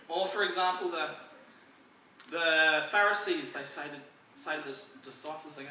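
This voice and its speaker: A man's voice: a little high, normal speed, a little hiss or hum. Australian man joking in an echoey hall. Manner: dry storytelling, acts out quoted voices loudly. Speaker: stand-up comedian at a church service. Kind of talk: stand-up comedy. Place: church hall. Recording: echoey hall, mic at a distance.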